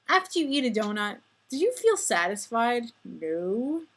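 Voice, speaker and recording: Slow-talking rambling young woman vlogger. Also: fairly high pitch, sing-song. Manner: rambling, self-deprecating, chatty. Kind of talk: casual vlog monologue.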